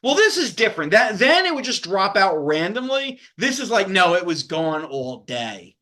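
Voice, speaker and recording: A man's voice: sits high, very animated, moderate pace, pushed and bright. A man hosting a casual podcast chat, ranting sarcastically and joking. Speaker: podcast host.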